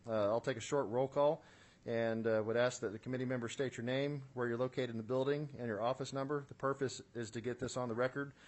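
A man with a mid-range voice and fairly even intonation talks at a quick pace. He's a state senate committee chair presiding over a formal hearing in a committee room, staying procedural and businesslike, with frequent "uh"s and an occasional dry remark.

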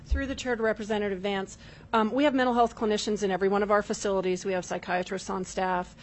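A woman state corrections official gives formal testimony at a legislative hearing, addressing the chair. Her mid-range voice holds a steady tone, and her measured delivery is full of filler ums.

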